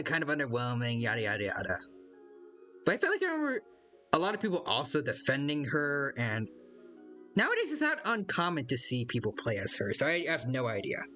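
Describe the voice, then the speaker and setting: A man's voice: on the high side, sharp tone. A man chatting casually on a live stream while playing a game, rambling and hesitant, reading out viewers' chat and greeting them by name.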